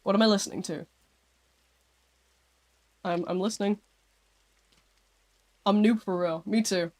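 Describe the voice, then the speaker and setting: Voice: mid-range voice, fairly even intonation, unhurried, a little mellow. A live streamer chatting casually with viewers, rambling a little and filling gaps with "like" and "um". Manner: chatty and rambling, with frequent "like" and "um" fillers.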